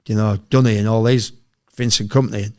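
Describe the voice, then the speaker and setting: A middle-aged man from England, a former footballer and podcast guest, telling sweary, animated anecdotes in casual chat. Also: on the low side, fast talker. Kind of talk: casual storytelling.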